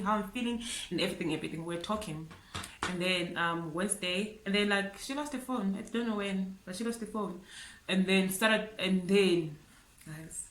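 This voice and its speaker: A woman from South Africa telling a grieving story to camera, halting and tearful, often repeating herself and saying "like" and "guys". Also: mid-range voice, a bit bright, reverberant, low-quality recording. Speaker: vlogger.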